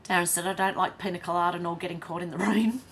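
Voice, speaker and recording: Australian woman, livestream host; casual, giggly chat reader with a lowish voice. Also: steady tone, fast, slight background noise. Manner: chatty, reads chat messages aloud, laughs often. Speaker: livestream host reading viewer comments.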